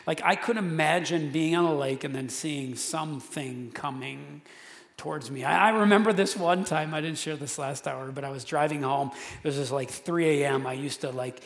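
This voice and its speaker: A man preaching a sermon to his congregation, casual and chatty, often restarting his sentences. His voice sits a little high for a man. The sound carries a long reverb, as in a big church sanctuary. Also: moderate pace, gravelly. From central Wisconsin. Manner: casual, conversational preaching with many restarts and fillers. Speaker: pastor. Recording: echoey hall with long reverb.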